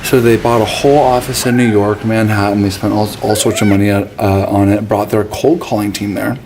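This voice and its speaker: Vlogger, male, loose deadpan rambling, a bit low, noisy background. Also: brisk. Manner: jokey, absurd deadpan asides. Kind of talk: rambling casual monologue.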